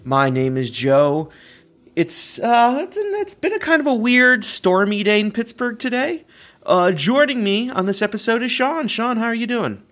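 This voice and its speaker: A man's voice: high voice, big pitch swings, normal speed, a bit bright. A young man, hosting a casual podcast and rambling through stories with frequent restarts and laughs. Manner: rambling, self-correcting, laughs often. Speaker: podcast host. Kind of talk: casual chat.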